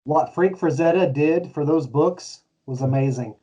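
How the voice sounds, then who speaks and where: A man's voice: fairly high pitch, unhurried, mellow. A middle-aged man co-hosting a casual chat, laid-back and chuckling as he tells stories. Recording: distant, muffled lo-fi mic.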